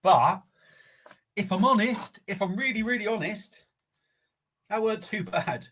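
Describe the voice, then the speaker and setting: Older man, husky and flustered. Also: sits high, animated, measured pace, a bit bright. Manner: breathless, rambling, swears, talks through a burning mouth. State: mouth burning from chilli, sniffly and sweating. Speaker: livestream host. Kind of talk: casual live eating challenge chat.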